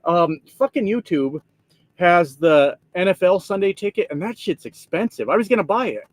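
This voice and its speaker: Trucker streamer, male, slightly high voice, dry close sound, cussing and rambling. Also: lively intonation, moderate pace, dry recording. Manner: profane, rambling, laughs often. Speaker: trucker livestream host. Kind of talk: casual livestream chat reading comments. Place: inside a truck cab.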